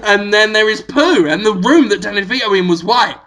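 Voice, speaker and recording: A man co-hosting a comedy podcast, spinning an absurd story with giggles and sudden shouted bits. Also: sits high, animated, fairly quick, rough recording. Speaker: podcast co-host.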